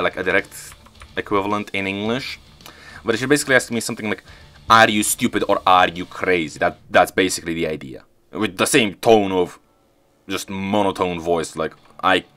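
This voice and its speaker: A low-pitched man talks casually over a strategy game with a bright, forceful edge to his voice. He rambles and keeps correcting himself mid-sentence. Faint game music plays underneath. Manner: rambling, self-correcting, frequent restarts. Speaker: strategy game let's-play host. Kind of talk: casual storytelling over gameplay.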